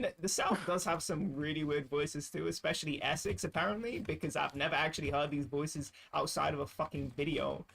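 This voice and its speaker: A man with a slightly high, gravelly voice, joking and teasing through a casual livestream chat and laughing often. A faint hiss of background noise sits under his voice. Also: fairly bright tone.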